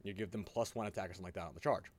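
A man hosting a podcast in casual chat, telling animated stories, swearing often and laughing a lot. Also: deep voice, rapid-fire. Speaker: podcast host.

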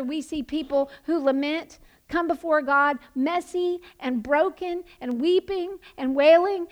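Woman preacher, high voice, impassioned sermon, emphatic shouts. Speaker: pastor.

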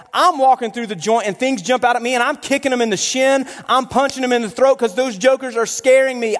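High-voiced animated preacher man in a reverberant hall. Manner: animated storytelling with playful humor. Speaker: pastor. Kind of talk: sermon. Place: church hall.

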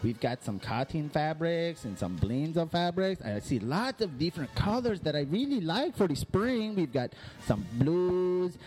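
A man's voice: fairly high pitch, very animated, a little slow, few pauses, darkish tone. A man playing a flamboyant male fashion consultant from Miami with a Cuban accent, campy and theatrical in an improvised comedy bit. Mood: admiring. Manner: campy, sassy, theatrical swoops. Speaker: clothing design consultant character.

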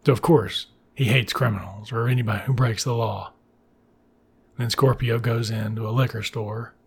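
A man's voice: mid-range voice, steady tone, normal speed, gravelly, a little hiss or hum. A man casually recapping a film plot, profane and wry, with rambling asides.

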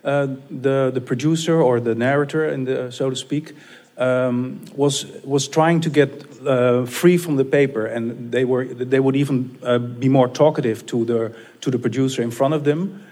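A man's voice: medium pitch, steady tone, moderate pace, a little mellow. A man in the audience asking a long, hesitant question, full of ums and uhs.

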